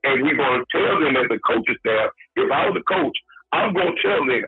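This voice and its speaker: Man, very husky voice, phone-like line, emphatic lecturing manner, faint music behind. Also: medium pitch, very animated, brisk, no echo. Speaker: podcast co-host. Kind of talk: sports talk analysis.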